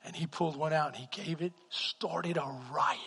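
Animated high-voiced preacher in a reverberant hall. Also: male voice, moderate pace, husky. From Texas. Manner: animated storytelling, swings from hushed to loud. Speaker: pastor. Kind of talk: sermon.

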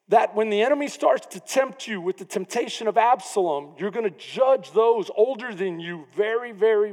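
A man preaching a sermon as pastor, animated, often acting out the people in his story. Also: high voice. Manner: animated preaching, acts out quoted voices. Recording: long reverb of a church hall.

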